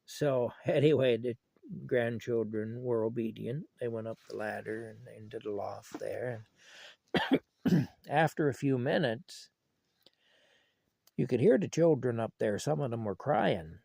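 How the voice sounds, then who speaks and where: A man's voice: medium pitch, measured pace, vocal fry, pauses often, mellow, dry recording. An older man telling family stories in a rambling, folksy, chuckling way while feeling unwell. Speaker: vlogger. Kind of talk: casual storytelling.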